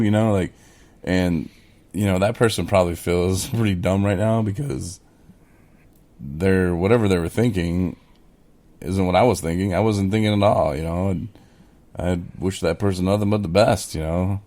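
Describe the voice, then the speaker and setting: A man's voice: deep voice, fairly even intonation, normal speed, dark tone. A man co-hosting a podcast in casual chat, full of "you know" fillers, acting out his own replies as he retells them. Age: adult in recovery, speaking of early sobriety. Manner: conversational, with many fillers, acts out his own quoted replies. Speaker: podcast co-host.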